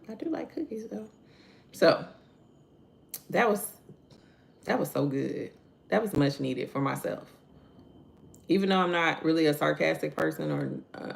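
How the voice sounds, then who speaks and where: A woman with a deep, creaky voice hosts a morning devotional, reading verses and commenting on them animatedly. She addresses viewers directly, reading out their chat names. There's slight background noise.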